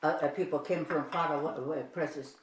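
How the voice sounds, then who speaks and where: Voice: medium pitch, steady tone, brisk, echoey room, recorded from a distance, background noise. Hesitant questioning speaker, japanese native, off mic, dishes clattering behind. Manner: hesitant, questioning, repeats words. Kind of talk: casual breakfast table chat. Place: home kitchen at a holiday breakfast.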